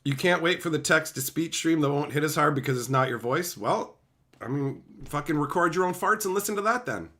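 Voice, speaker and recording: Brash, swearing man with a lively voice. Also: a little high, fairly quick. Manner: brash, swears constantly, joking banter. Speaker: streamer. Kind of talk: casual live-stream chat with viewers.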